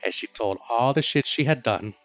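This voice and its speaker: A man's voice: mid-range voice, animated, moderate pace, a bit bright, no room sound, faint music behind. A man hosting a podcast, casually retelling a story with lots of swearing and quoted voices. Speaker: podcast host.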